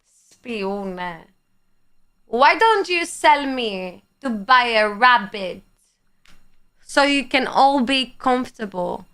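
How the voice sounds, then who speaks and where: Young woman streamer in her twenties, unhurried delivery and a smooth, clear tone; playful and teasing, swears casually. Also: a little high, expressive, fairly bright tone. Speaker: livestreamer. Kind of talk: casual chat reading viewer comments.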